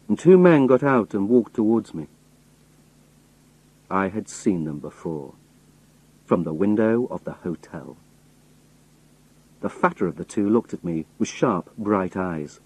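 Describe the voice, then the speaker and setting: A man reading a story aloud in first person, expressive storytelling. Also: fairly low pitch, slightly rough, dry recording, poor audio. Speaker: audiobook narrator. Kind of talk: scripted first-person narration.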